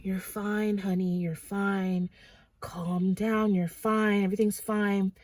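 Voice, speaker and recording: A woman voicing her sleepy parents as they calm their frightened child in a low, slow, soothing way. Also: far from the mic.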